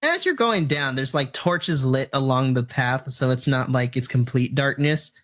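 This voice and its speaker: A man's voice: medium pitch, animated, normal speed, a bit bright. A man narrating a tabletop game as dungeon master in a loose, chatty way.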